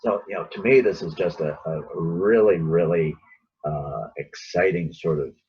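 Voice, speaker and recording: A man's voice: low voice, measured pace, a little hiss or hum. A man giving informal Bible teaching in a conversational way, often acting out the lines he quotes. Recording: dull lo-fi recording.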